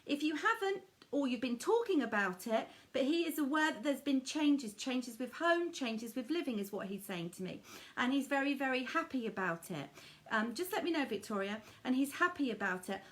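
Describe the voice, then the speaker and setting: Woman medium, tender and intimate live-stream delivery, voice sitting a little high. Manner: soothing, intimate, many endearments. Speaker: medium giving readings. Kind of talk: live-streamed psychic reading.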